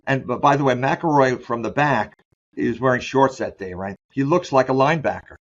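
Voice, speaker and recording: Rambling man with a dull lo-fi sound. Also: mid-range voice. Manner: rambling, restarts often, stresses words by slowing. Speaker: sport psychologist guest. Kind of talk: candid conversational interview.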